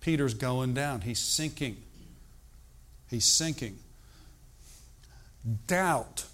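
An older man preaching a sermon, animated and emphatic, moving between loud outbursts and hushed, slow emphasis. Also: medium pitch.

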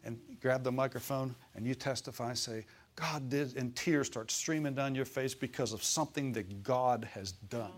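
Male pastor, conversational sermon, mid-pitched voice, asks the congregation questions. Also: normal speed, hardly any pauses. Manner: acts out voices in quotes.

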